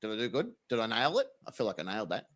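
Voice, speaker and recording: Lively sweary Australian man. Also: lowish voice, rapid-fire. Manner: swearing, slangy, jokey explaining. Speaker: reaction channel host. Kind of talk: casual reaction commentary.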